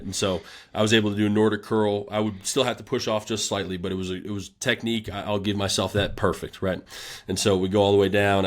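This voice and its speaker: A young man with a lowish voice tells his stories with energy and laughs at his own mishaps. He speaks as a strength coach guest on a relaxed podcast, with a plain, steady delivery. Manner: animated storyteller, laughs at himself. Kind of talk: casual podcast storytelling.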